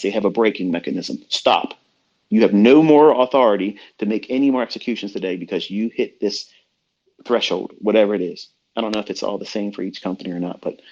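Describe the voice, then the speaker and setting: Heated, foul-mouthed middle-aged male trading mentor, lowish voice, muffled lo-fi stream. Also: a little mellow. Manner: blunt, profane, heated. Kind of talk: ranting motivational talk. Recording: dull lo-fi online audio room.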